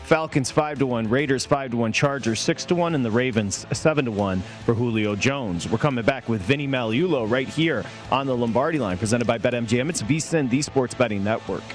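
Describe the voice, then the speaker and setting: A man hosting a sports betting radio show, brisk and upbeat as he reads odds and steers the talk. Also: mid-range voice, soft background music. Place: radio studio.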